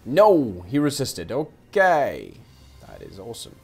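A man commentating his own strategy game, getting excited and talking to his units. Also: medium pitch, slow pace, faint music behind. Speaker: let's play streamer.

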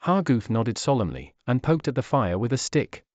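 A man narrating a scripted fantasy story in a steady, even way. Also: mid-range voice, normal speed, no room sound, muffled recording.

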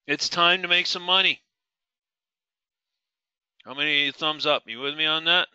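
Middle-aged guy running a trading webinar, super bright voice, dry close sound, keeps quizzing the chat. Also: a little high, unhurried, clear, resonant tone, no echo, dull audio. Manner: asks the audience questions, emphatic, repeats key words. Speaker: trading instructor. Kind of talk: live webinar teaching.

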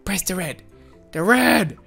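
A woman hosting a gaming channel, giving excitable, playful let's-play commentary with frequent laughs and shouts. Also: medium pitch, slow, gravelly, faint music behind.

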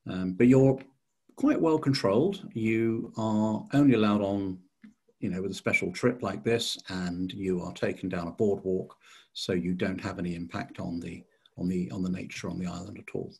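A man's voice: sits low, normal speed, gravelly, darkish tone, husky. A man giving an illustrated slide talk as a society chairman, hesitant with many fillers and restarts.

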